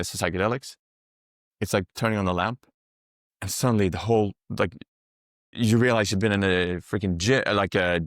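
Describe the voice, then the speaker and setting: A man's voice: on the low side, no echo, clean studio sound. A man working as a psychedelic guide, talking casually on a podcast, explaining things through long rambling metaphors and swearing freely.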